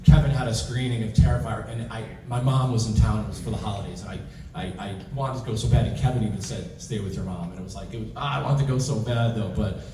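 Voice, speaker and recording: A man telling rambling, excitable stories as a guest at a convention panel Q&A. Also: fairly low pitch, quick pace. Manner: rambling, excitable, many restarts. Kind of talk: convention Q&A storytelling. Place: large convention hall. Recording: roomy hall, distant mic, faint noise.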